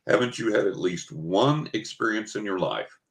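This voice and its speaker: A man's voice: on the low side, lively intonation, normal speed. An older man, a psychic guest in an interview, telling an anecdote casually and acting out the quoted dialogue. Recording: roomy echo.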